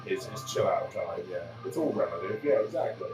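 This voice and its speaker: A man's voice: low voice, expressive, brisk. A young man casually chatting on a home livestream, joking and reading out viewer comments. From England. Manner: jokey, reads viewer comments aloud. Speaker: livestream co-host. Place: home living room. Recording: roomy, distant mic, music behind. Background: music playing.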